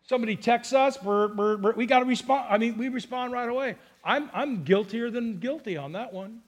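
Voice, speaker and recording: A man's voice: very high-pitched, brisk. A man from Southern California preaching as a pastor, earnest and emphatic, acting out quotes as he goes. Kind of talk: sermon.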